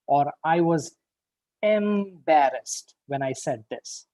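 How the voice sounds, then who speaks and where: A man giving an upbeat, encouraging evaluation of a speech at an online club meeting, stressing words and pausing for effect. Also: on the high side, a little mellow, no room sound, poor audio.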